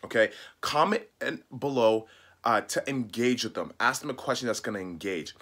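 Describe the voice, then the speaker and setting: A man's voice: mid-range voice, expressive, normal speed, fairly bright tone. Pleading, emphatic male marketing coach. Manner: emphatic, pleading, repeats points; acts out sample calls and texts. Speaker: marketing coach for loan officers. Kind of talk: direct-to-camera teaching talk.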